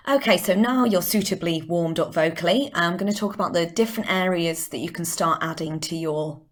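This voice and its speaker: A middle-aged woman teaching drama, leading a vocal warm-up with clear, encouraging instructions. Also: on the low side, a little fast. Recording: echoey room.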